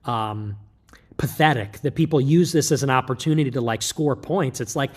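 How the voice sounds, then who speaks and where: A man giving a rambling livestream monologue, breaking off mid-thought and starting again with quick asides. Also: medium pitch. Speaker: political streamer.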